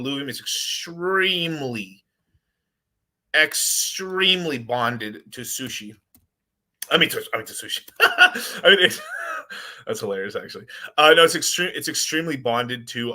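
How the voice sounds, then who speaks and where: A man hosting a casual crypto livestream, rambling and excitable as he chats with viewers. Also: medium pitch.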